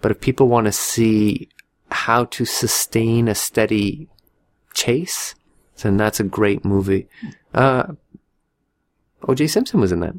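Man, low voice, podcast co-host, casual rambling chat, dry humor. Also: slow pace, long pauses. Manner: rambling, restarts sentences, dry joking. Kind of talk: casual chat about movies.

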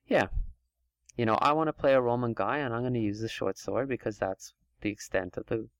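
A man with a mid-range voice hosts a casual podcast chat, talking a little fast on a dry recording. He's chatty, thinking aloud at length in long run-on stretches.

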